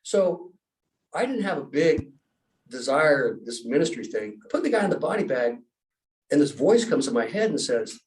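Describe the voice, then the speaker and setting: A man's voice: a little high, normal speed, recorded from a distance, slight background noise, low-quality recording. A middle-aged man, a pastor and former military rescue specialist, telling stories in an interview and acting out the voices he quotes. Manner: animated storyteller, acts out quoted voices. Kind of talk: storytelling in an interview.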